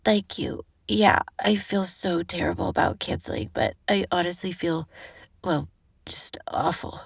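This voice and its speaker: A woman voicing a young woman sick with a cold, speaking weakly and softly. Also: mid-range voice, very animated, measured pace, creaky, no echo, clean studio sound, heavily acted. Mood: weary. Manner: weak and soft. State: sick, sniffling.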